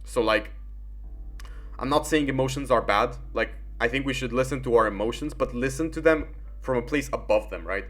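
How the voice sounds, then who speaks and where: A man's voice: medium pitch, normal speed, fairly bright tone. A young man giving rambling, casual commentary while gaming, full of fillers and swearing.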